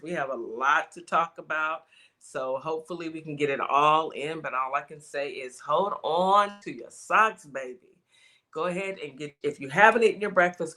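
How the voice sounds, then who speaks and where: Bright-voiced older woman radio host. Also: deep voice, normal speed. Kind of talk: casual radio chat.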